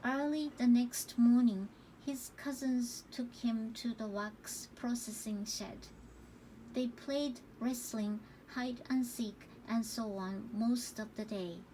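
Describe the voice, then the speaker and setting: A woman reading a novel aloud as calm, careful narration. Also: fairly high pitch, slow pace, a little hiss or hum, low-quality recording. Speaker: audiobook reader.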